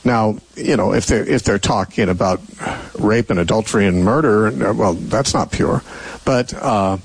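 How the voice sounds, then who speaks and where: A man's voice: lowish voice, moderate pace, gravelly, slightly rough, no echo, rough recording. An older man hosting a call-in radio Bible show, answering callers with thoughtful, rambling explanations full of fillers and restarts.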